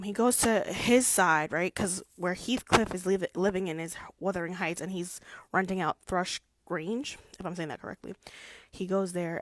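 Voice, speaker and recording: A young woman vlogger chatting casually about a classic novel, playful and animated, slipping into quick character voices. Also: on the low side, no room sound. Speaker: book vlogger. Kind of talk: casual chat.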